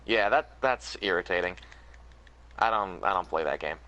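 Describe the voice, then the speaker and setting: A man chatting excitedly on a gaming stream who laughs a lot while he plays. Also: deep voice, normal speed, rough recording. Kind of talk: casual gaming stream chat.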